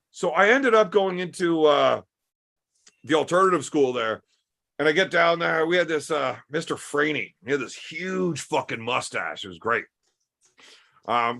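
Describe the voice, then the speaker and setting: A young man with a fairly high voice tells crude, swearing-laden stories in a relaxed podcast chat. His delivery is casual and unhurried. He talks like someone spinning yarns among friends. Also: vocal fry. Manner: crude, swearing, laid-back storytelling. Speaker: podcast host.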